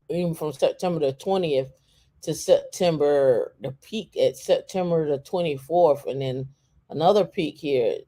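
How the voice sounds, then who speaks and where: Co-host, mid-pitched, casual and halting, thinks aloud while browsing, plenty of fillers and restarts. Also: dark tone. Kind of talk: casual talk while browsing on a shared screen.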